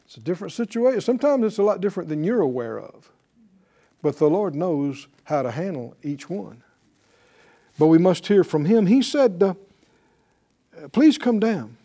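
A man's voice: high voice, moderate pace. A man teaching a sermon, asking rhetorical questions and acting out the people in the story. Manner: animated, acts out quoted voices, rhetorical questions. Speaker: preacher.

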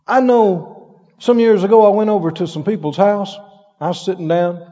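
A man's voice: sits high, moderate pace. A man preaching a sermon, telling stories with laughs and acted-out voices. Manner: animated storytelling with laughs and acted-out quotes. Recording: dull sound with long hall reverb.

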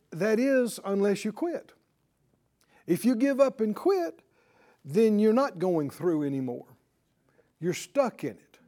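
A man preaching a sermon in a lively way, laughing often and checking in with his listeners with "right?". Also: sits high. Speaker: pastor.

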